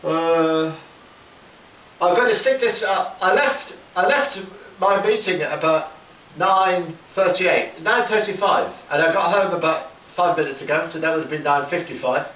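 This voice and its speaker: A man's voice: on the high side, measured pace. A man doing a rambling, sweary improvised comic monologue at home, stammering through restarts. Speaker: comedy vlogger in character. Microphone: camera mic. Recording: roomy, distant, dull home recording.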